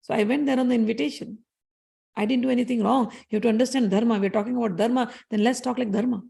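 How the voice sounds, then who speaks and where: A gentle, humble young prince, as a woman storyteller puts him on reasons with calm respect. The voice sits high and slightly gravelly, patient and earnest. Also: quick pace.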